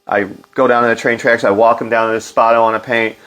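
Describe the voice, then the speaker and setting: A middle-aged man with an animated storytelling manner, loose and full of fillers, acting out quotes in a livelier voice. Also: mid-range voice, fast. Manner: loose, filler-heavy delivery. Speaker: interview guest. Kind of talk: casual storytelling.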